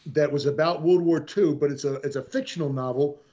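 A man's voice: fairly high pitch, a little fast, mellow, a little hiss or hum. Rambling man on a dull lo-fi line. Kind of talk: casual chat.

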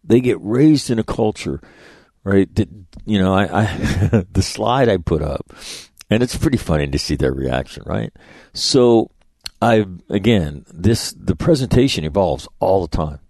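Blunt, deep-voiced man telling stories. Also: lively intonation, unhurried, gravelly, a little mellow, no room sound, studio quality. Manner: blunt, profane, rambling, with many restarts. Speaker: podcast host and public speaker. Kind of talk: casual storytelling monologue.

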